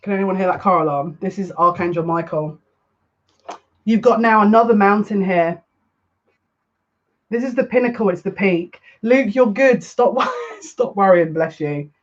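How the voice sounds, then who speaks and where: A man's voice: high-pitched, moderate pace. A man giving a live oracle card reading in a chatty, teasing, jokey way. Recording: muffled lo-fi audio.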